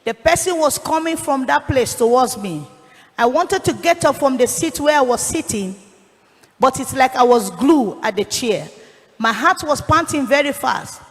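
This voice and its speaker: A woman's voice: high voice, lively intonation, moderate pace. A woman giving an earnest church testimony, telling her story with a raised, pleading voice. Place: church hall. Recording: long hall reverb.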